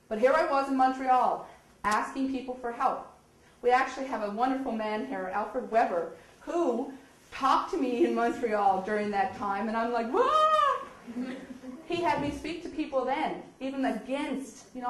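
A woman from Nova Scotia tells an audience her story, acting out the dialogue with laughter. Her voice sits somewhat high. The hall around her is roomy and echoey. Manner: animated, acts out quoted dialogue with laughs. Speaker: speaker telling her story.

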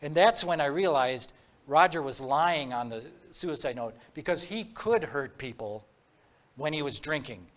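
A man's voice: fairly high pitch, lively intonation, measured pace, a bit bright. A man giving a talk, telling a true-crime story in a conversational way, acting out quoted dialogue. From Minnesota.

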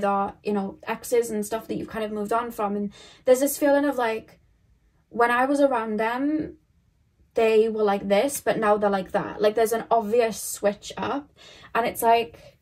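A woman's voice: fairly high pitch, a little mellow. A young woman giving a casual tarot reading, talking in a rambling, questioning way with many fillers and restarts. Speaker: tarot reader.

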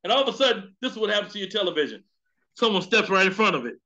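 A man preaching a sermon at a Bible study, telling a comic story with lively outbursts. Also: high voice, racing. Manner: animated, comedic storytelling with outbursts. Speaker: pastor.

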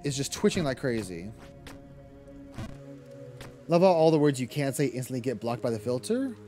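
A man's voice: medium pitch, big pitch swings, moderate pace, dark tone, faint music behind. A young man streaming a game, chatting casually, reading chat aloud, laughing often and swearing freely. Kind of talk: casual live-stream chat while gaming.

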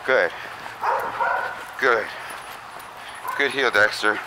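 A man working as a dog trainer, giving short commands and calm monotone praise while explaining his training outdoors. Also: on the low side, very slow. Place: outdoors with barking dogs nearby. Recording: noisy outdoor recording. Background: dogs barking.

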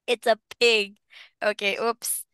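Woman English teacher for a small child, patient and cheery; slow, bright and crisp, dry sound. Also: on the high side, flat delivery, dry recording. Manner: patient, encouraging, spells letters slowly, laughs often. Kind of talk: phonics lesson with a young child.

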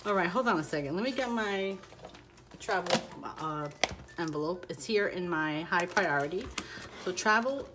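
A woman's voice: on the low side, lively intonation, moderate pace, noisy background. Chatty woman counting cash aloud. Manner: chatty, counts aloud, self-deprecating asides. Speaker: budgeting vlogger. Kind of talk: casual chat while counting cash.

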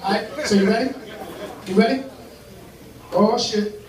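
High-voiced D.C. man hosting a rowdy crowd. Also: steady tone, a little slow, distant mic. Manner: loud, teasing, profane banter with laughter. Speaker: comedy show host running a crowd game. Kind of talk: live crowd-work hosting. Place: live event venue with an audience. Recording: echoey venue recorded from afar, loud crowd.

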